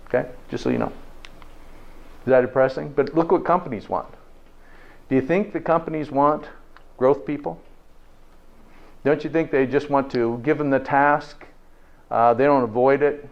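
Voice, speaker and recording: A man's voice: mid-range voice, moderate pace, creaky, long pauses. Folksy man lecturing, dull lo-fi sound. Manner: folksy, peppers points with "okay?" and rhetorical questions. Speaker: health presenter. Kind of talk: live lecture to an audience. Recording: dull lo-fi recording.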